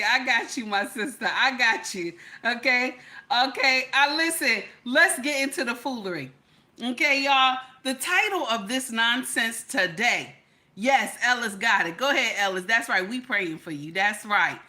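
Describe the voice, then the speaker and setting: Chatty woman with a bright voice. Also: high-pitched. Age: middle-aged. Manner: chatty, greets viewers by name, repeats "okay?" and "baby". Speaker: livestream host. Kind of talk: casual live chat.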